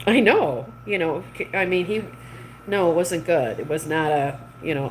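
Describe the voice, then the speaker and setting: A woman's voice: mid-range voice, big pitch swings, normal speed. Chatty woman telling a rambling story. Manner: rambling storyteller with frequent restarts and fillers; laughs between phrases. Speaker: streamer chatting with viewers. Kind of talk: casual chat.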